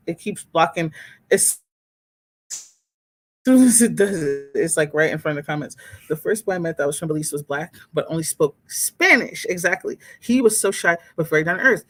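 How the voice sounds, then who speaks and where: With a low voice at normal speed, a woman hosts a casual livestream chat and reads viewers' comments. She talks straight to them, candid and expressive, exclaiming and laughing as she goes.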